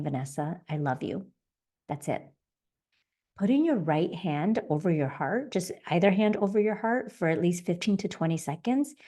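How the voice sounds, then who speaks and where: A woman hosting a podcast, gently guiding listeners through self-compassion practices and repeating soft affirmations. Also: on the low side. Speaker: podcast host. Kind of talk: self-help teaching talk.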